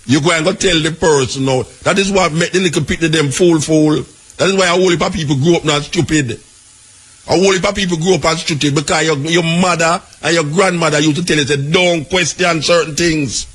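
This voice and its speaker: A man with a Jamaican accent, calling in to a radio show in a slow, lecturing way. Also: on the high side, a bit bright, slightly rough. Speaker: radio caller.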